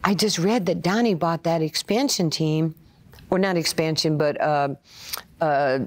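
A woman's voice: deep voice, measured pace. Older New woman telling stories. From Brooklyn, New York. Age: 60s. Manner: animated storyteller acting out quoted voices. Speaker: interview guest, former player and coach. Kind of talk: conversational storytelling.

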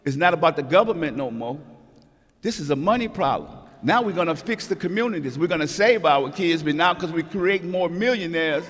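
A middle-aged man, speaking as an interview guest in an emphatic, preachy storytelling way that climbs into shouts. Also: on the high side, lively intonation, brisk. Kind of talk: animated motivational talk. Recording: hall with long reverb.

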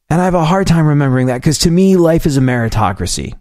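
A man hosting a radio-style talk show, telling long family anecdotes in a casual, animated way. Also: fast, hardly any pauses, no room sound, clean studio sound. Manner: animated anecdote-telling, quotes his dad in a lower voice. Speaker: host. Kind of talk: casual storytelling chat.

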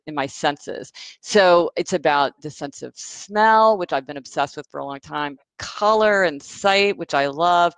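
A woman author answering questions in a casual interview over a video call, telling stories in a chatty, animated way with lots of fillers. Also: deep voice, clear, resonant tone, dry recording, low-quality recording. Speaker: author guest.

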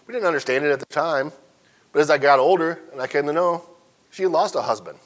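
A man's voice: on the high side, quick pace. Man teaching a folksy Sunday school lesson. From central Illinois, USA. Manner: folksy storytelling, asks the class questions. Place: church classroom.

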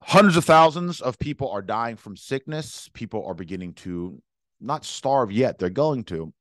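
A young history teacher lectures emphatically in a mid-range voice with lively intonation, repeating words and voicing both sides in the first person. He speaks at normal speed, and the studio-quality audio has no echo.

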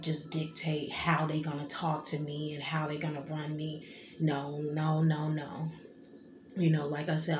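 A vlogger in her thirties talks to viewers in a low, level voice with a darkish tone, rambling and saying "you know what I mean" a lot. She sounds tearful and emotional in this casual, heartfelt talk. The room echoes, and a clear hum of noise sits behind her.

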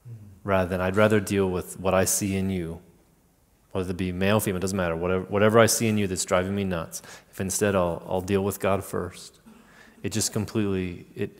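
A man speaking in a sermon, explaining a point in a measured, reflective way. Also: low voice. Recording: long hall reverb.

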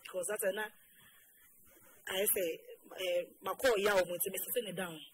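A Ghanaian woman recounting her life story in an interview, mixing Twi and English in a halting, soft way. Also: medium pitch, fairly even intonation, a little hiss or hum, low-quality recording.

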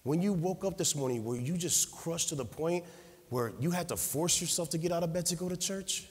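A man preaching a sermon in a church, swinging from loud fervent calls to quiet personal storytelling. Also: fairly high pitch, fairly quick. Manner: impassioned, rising to shouts then dropping to quiet storytelling. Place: church sanctuary. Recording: husky voice in a long-reverb hall.

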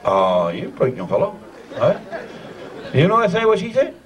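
Newfoundland man, high-pitched, teasing, laughing banter, far mic, loud crowd. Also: wildly swooping pitch, moderate pace, soft background music. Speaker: screech-in ceremony leader.

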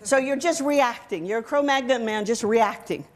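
A middle-aged woman with a fairly high voice speaks at a normal pace, delivering a funny workshop talk to soldiers. She's a motivational speaker in an event hall with a live audience, lively and joking as she pulls the crowd in.

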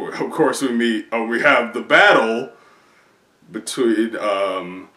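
A man chatting casually as a video creator, rambling excitedly through a recap with many fillers. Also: medium pitch, measured pace. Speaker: video creator reacting to comics. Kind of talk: casual chat. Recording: roomy echo.

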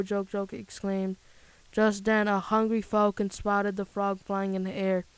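Woman, storybook reader, even and level tone, clean resonant voice, dry sound. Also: medium pitch, a little slow, clean tone, no echo, low-quality recording. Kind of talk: children's story read-aloud.

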